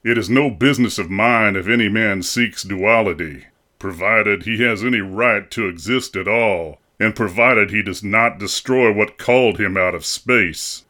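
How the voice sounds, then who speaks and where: A man voicing a grave, implacable older doctor in an audiobook, speaking slowly and solemnly. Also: fairly low pitch, pushed and bright. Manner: slow, solemn and measured, accusing. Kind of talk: audiobook character reading.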